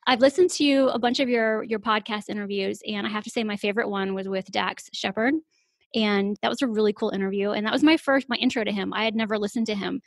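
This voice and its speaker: A woman's voice: mid-range voice, fairly even intonation, fast talker, gravelly, no room sound, studio quality. A woman hosting a podcast about therapy, chatty and effusive, laughing often as she talks. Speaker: podcast host. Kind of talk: podcast interview.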